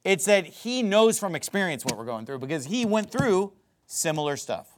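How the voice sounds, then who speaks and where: A man preaching a sermon, speaking emphatically and rising into loud dramatic quotations of scripture. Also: sits high, big pitch swings, moderate pace.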